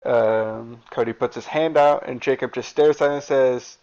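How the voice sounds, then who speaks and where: A man's voice: mid-range voice, fairly even intonation, moderate pace, hardly any pauses, darkish tone. A man casually narrating a recap of a wrestling video game season, with fillers. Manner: plain reading with fillers. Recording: dull lo-fi recording.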